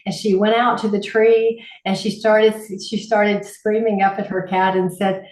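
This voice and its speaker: A woman healer answering interview questions, with a mid-range voice. She tells stories in a lively way and slips into the voices of the people she quotes. The recording has a noticeable room echo. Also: medium pitch, unhurried, few pauses. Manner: animated, acts out quoted voices. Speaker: holistic healer, guest. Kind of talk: interview storytelling. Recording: roomy echo.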